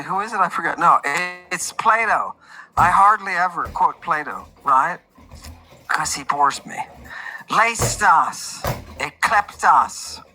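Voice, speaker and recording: A man hosting a lively livestream lecture, joking and swinging between loud outbursts and muttered asides. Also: on the high side, low-quality recording. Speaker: host.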